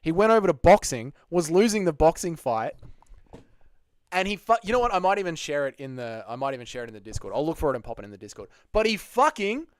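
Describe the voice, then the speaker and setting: Lively, swearing Aussie streamer guy. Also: on the high side, quick pace, no room sound, studio quality. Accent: Australian. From Australia (Melbourne). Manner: swears freely, loose and joking. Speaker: MMA channel host. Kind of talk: casual livestream chat, reading chat aloud.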